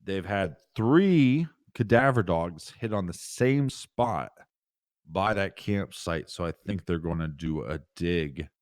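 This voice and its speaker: A man's voice: low voice, lively intonation, takes it slowly, no echo, clean studio sound. A man co-hosting a true crime podcast, chatting casually and joking as he tells stories. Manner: joking, rambling storytelling. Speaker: podcast co-host. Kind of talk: casual chat.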